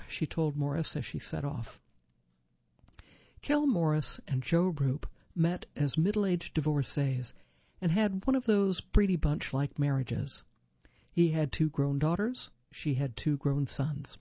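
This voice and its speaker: A woman reading a magazine article aloud for a reading service, in a clear, even, measured way. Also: sits low, dry recording, lo-fi sound. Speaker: volunteer reader for a reading service. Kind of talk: scripted narration of magazine article.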